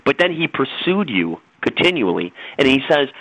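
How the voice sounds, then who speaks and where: A man's voice: medium pitch, very animated, normal speed, hardly any pauses, a bit bright, dry recording, lo-fi sound. A middle-aged man, a guest on a radio talk show, lecturing in a preachy, insistent way.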